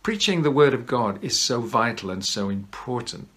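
A man preaching a conversational sermon to camera, gently humorous and emphatic. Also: medium pitch, lively intonation, moderate pace. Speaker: pastor. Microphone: camera at home.

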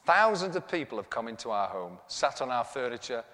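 A man's voice: mid-range voice, very animated, fairly quick, sharp tone. A man preaching, telling a comic story and acting out the dialogue in a self-mocking way. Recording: echoey hall with long reverb.

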